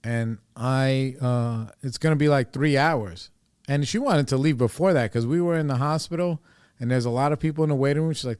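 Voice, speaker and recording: A man's voice: mid-range voice, fairly quick, darkish tone, clear, resonant tone, no echo, clean studio sound. A man hosting a podcast, telling a personal story in a casual, rambling way, full of fillers and swearing. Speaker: podcast host.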